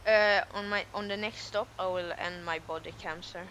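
A man's voice: high-pitched, steady tone, moderate pace, pushed and bright, slight background noise. A man streaming a role-play game as a garbage collector, playful, trying on accents in slightly broken English. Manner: playful, switches between put-on accents. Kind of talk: casual role-play chat while gaming.

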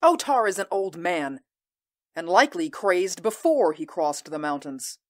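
A woman voicing a proud, ambitious warrior queen, speaking in an intense, measured and commanding way in an audio drama. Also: fairly low pitch, lively intonation, darkish tone. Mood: proud, fierce. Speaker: voice actor.

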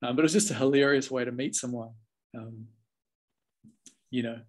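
A man's voice: medium pitch, normal speed. A man in his forties with a New Zealand accent, telling stories as an interview guest in a laid-back, chatty way with lots of restarts. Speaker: interview guest, former film extra. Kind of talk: casual storytelling.

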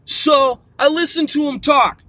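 A man's voice: very high voice, unhurried, pushed and bright, no echo. A man delivering a heated, profanity-laden monologue, repeating himself as he builds up steam. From United States. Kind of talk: ranting monologue.

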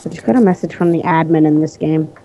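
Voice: mid-range voice, fast talker, dark tone. A friend chatting casually over a call during gameplay, laid-back, slangy and teasing. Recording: muffled lo-fi call audio.

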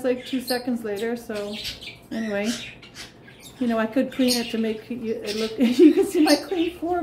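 A woman with a high, soft, mellow voice films her pets at home on a handheld phone. She coos at them in sing-song baby talk and bursts into gleeful cheers as they play. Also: a little hiss or hum. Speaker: pet vlogger. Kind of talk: casual home vlog. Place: home with pets, partly outdoors in snow.

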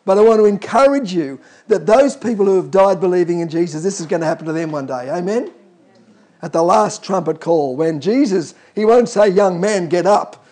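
A man's voice: high voice, expressive, fairly quick, warm tone. A man preaching a sermon, emphatic and calling out to the congregation.

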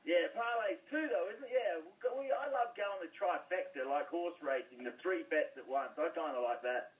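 A man's voice: a little high, moderate pace, far from the mic, phone-quality sound. A man from Australia with an Australian accent, a guest in a casual sports chat, blunt and colloquial. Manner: blunt, colloquial, calls people mate.

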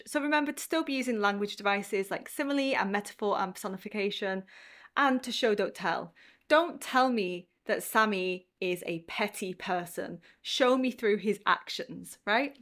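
A woman's voice: medium pitch, a bit bright. Chatty woman teaching English writing. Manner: casual, chatty, explaining with examples. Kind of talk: instructional video lesson.

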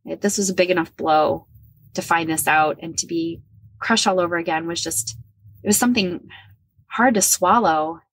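A woman's voice: lowish voice, normal speed, a bit bright, husky, no room sound. A woman in her forties from the American Midwest, a podcast guest candidly telling her personal story and repeating herself when emotional. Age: 40s.

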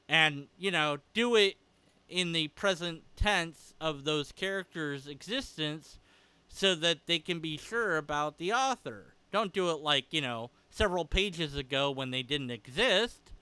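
Man, sharp and clear-voiced, sarcastic rebuttal commentary, slightly higher pitch. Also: animated, unhurried, no echo. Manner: sarcastic, argumentative, with laughs. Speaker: video creator responding to a critic.

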